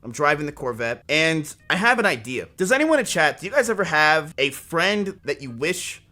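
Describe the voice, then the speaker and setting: Young man, streamer storytelling, rambling, swearing, forceful tone, faint music behind. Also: on the high side, moderate pace. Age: 20s. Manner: rambling, animated, swears often. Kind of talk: casual storytelling to chat.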